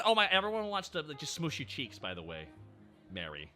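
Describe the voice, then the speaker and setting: A man's voice: fairly high pitch, wildly swooping pitch, fairly quick, sharp tone, faint music behind. A man streaming live, chatting casually and joking as he reads chat messages aloud. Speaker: VTuber streamer.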